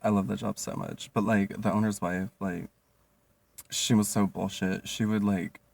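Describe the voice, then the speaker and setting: A young man spins a profane, animated storytime monologue, laughing often and leaning on filler words. His voice is low and gravelly with a husky edge. He sounds a little distant from the mic. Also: normal speed, no echo. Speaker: vlogger.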